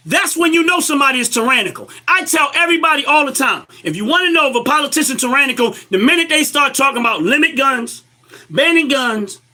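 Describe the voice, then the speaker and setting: A man's voice: extremely high pitch, sharp tone. A man giving impassioned political commentary, emphatic and lecturing, firing rhetorical questions at his listeners.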